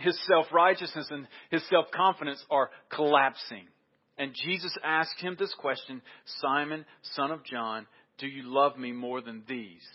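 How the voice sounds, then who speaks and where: A man's voice: on the high side, breathy edge, highs cut off. A man preaching a sermon, emphatic and repeating key phrases for weight.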